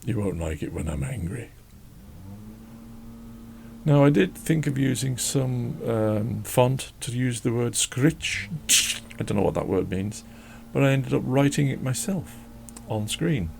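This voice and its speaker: Gravelly man chatting while drawing. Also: mid-range voice, measured pace, a little mellow, a little hiss or hum. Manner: rambling, jokey, talks to his dog. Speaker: drawing channel host. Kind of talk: casual chat while drawing.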